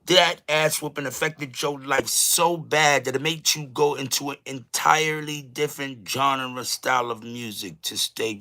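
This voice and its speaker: Profane, bright-voiced male stream host. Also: medium pitch. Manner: loud, profane, animated ranting. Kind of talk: casual live commentary.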